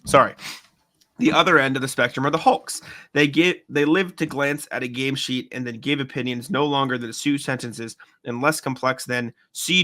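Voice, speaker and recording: A young man with a mid-range voice and sharp tone reads listener email aloud as a podcast co-host, slipping up and correcting himself along the way.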